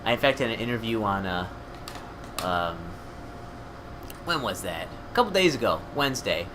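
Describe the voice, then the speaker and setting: A young man chatting through a video game session, his voice bouncing with lively swings in pitch. He gets excitable and throws playful insults at enemies. A steady air-conditioner hum sits clearly behind him. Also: moderate pace. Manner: excitable, yells at enemies, playful trash talk. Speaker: co-host gamer. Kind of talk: casual let's-play commentary.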